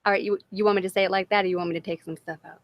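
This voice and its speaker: Woman livestream co-host, profane, animated chatter, average pitch. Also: rapid-fire, no room sound. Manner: profane, animated, laughing often. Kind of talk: casual livestream chat.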